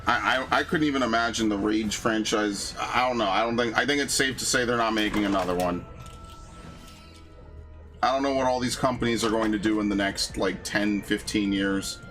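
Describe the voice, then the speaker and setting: A man's voice: fairly low pitch, moderate pace, a bit bright. A man streaming a video game, talking casually in a profane, grumbling, ranty way. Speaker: gaming streamer. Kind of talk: casual live-stream commentary. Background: game music.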